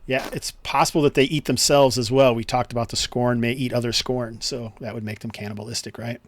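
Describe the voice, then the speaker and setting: A man's voice: medium pitch, fairly even intonation, brisk, no room sound. A man running an online tabletop game as game master, explaining rules with many fillers and restarts. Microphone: headset or desk mic on a video call.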